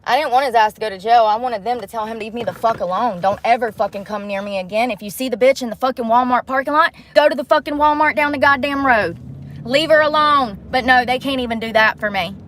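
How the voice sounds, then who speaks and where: A woman's voice: fairly high pitch, quick pace, a bit bright. A woman vlogger ranting angrily and bluntly to the camera from inside her car at night, swearing often. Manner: angry, profane, blunt. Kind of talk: heated rant to the camera.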